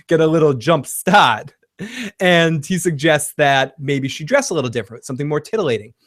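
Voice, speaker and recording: A man's voice: mid-range voice, no room sound, clean studio sound. A man co-hosting a casual podcast recap, talking loosely, laughing often and slipping into quoted lines. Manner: laughs often, quotes scenes in bits of acted dialogue. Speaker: podcast co-host.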